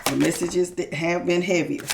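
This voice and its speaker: Sick, gravelly-voiced woman. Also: on the low side, fairly even intonation, moderate pace, background noise. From Southern United States. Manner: chatty, folksy, calls listeners y'all and baby. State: sick with a sore throat. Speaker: tarot reader. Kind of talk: casual spiritual reading.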